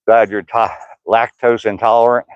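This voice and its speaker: A man's voice: lowish voice, steady tone, moderate pace, smooth, dry recording, lo-fi sound. Older man chatting on a walking trail. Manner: jokey, laughing, reading chat comments aloud. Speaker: vlogger. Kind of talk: casual live-stream chat while walking.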